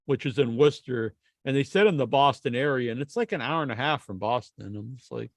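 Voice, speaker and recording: A man's voice: mid-range voice, brisk, gravelly, no room sound, clean studio sound. A man hosting a podcast in casual chat, rambling and laughing often. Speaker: podcast host.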